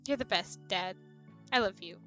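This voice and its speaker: A woman reading the lines of a teenage daughter about to leave for college in a soft, heartfelt way. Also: medium pitch, normal speed, faint music behind, pitched below the performer's own voice, lightly acted. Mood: tender.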